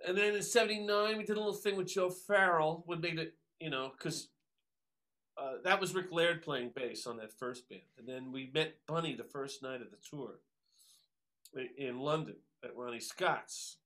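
Bright-voiced man telling animated stories. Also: a little high, normal speed. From New York area. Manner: animated, full of fillers and acted-out quotes. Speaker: guest musician. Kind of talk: casual storytelling.

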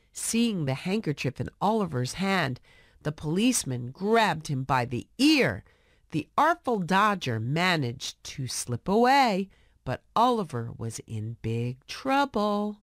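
A woman reading a storybook aloud in a slow, expressive way for English learners. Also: mid-range voice, no room sound, clean studio sound.

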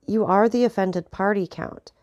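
A woman's voice: medium pitch, normal speed, darkish tone, no room sound, dull audio, lightly acted. A woman voicing an anxious, earnest young soldier who pleads with his friend.

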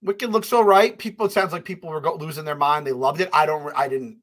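A man hosting a casual podcast, giving offhand opinions and quick asides. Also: fairly high pitch, fairly even intonation, fairly bright tone. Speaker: podcast host.

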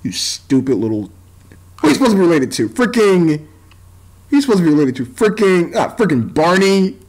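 High-voiced American guy ranting scornfully. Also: very animated, fairly quick, darkish tone, low-quality recording. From United States. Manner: insulting, scornful rant. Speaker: YouTuber. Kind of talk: ranting reaction vlog.

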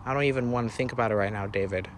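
A man's voice: fairly low pitch, rapid-fire, slight background noise, natural voice. A man voicing a worried young woman, the older sister, in a read-aloud story, pleading and anxious. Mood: tender.

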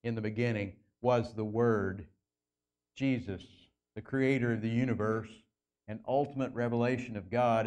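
A man preaching a sermon as pastor in a church, earnest, slowing down and lifting his voice to stress key phrases. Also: fairly even intonation, darkish tone, clear, resonant tone. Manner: earnest preaching, slows and lifts pitch for emphasis. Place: church sanctuary.

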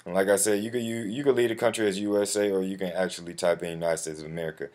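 Very deep-voiced man, slangy tutorial. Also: fairly even intonation, racing, darkish tone. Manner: slangy, addresses viewer as bro; profane when flustered. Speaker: tutorial host. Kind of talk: casual screen-recorded walkthrough. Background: keyboard typing and mouse clicks.

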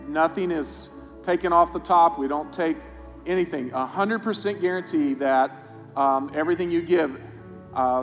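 A male pastor leading the offering with a casual, upbeat manner, then praying. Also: on the high side. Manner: casual, upbeat, hesitant with fillers. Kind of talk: offering appeal and prayer. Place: church sanctuary. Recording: church hall reverb with faint music.

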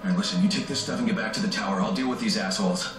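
A man's voice: fairly low pitch, racing, background noise, lightly acted. An actor playing a blunt, reckless male action hero in a video game, terse and urgent. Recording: echoey, distant game audio with music.

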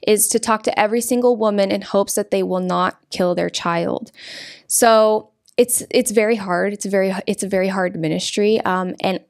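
A woman's voice: mid-range voice, no room sound, studio quality. A young woman guest from California, speaking earnestly in conversation, often restarting and repeating her words. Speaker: interview guest.

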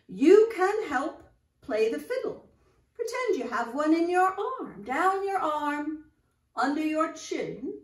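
An older woman presenting nursery rhymes to young children, talking to them in an animated, sing-song way. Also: high voice, roomy sound, distant mic. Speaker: children's storyteller in costume.

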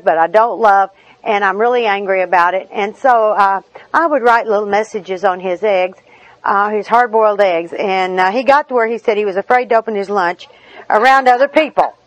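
A woman's voice: a little high, dry recording, poor audio. A middle-aged woman, giving a personal recovery talk in a humorous, chatty storytelling manner with asides. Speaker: recovery meeting speaker.

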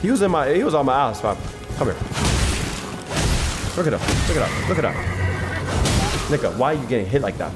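A male streamer giving excitable live gameplay commentary, swearing and talking to his chat from his PC. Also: medium pitch, brisk, long pauses. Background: game music.

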